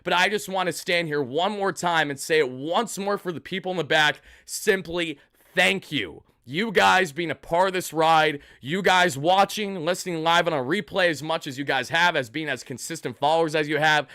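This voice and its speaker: A man's voice: a little high, normal speed, no room sound, studio quality. Hyped young man hosting a fan livestream. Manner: hyped, loud, shouting and thanking donors. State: sweaty and worked up. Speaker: host of a fan live stream. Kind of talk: excited postgame livestream chat.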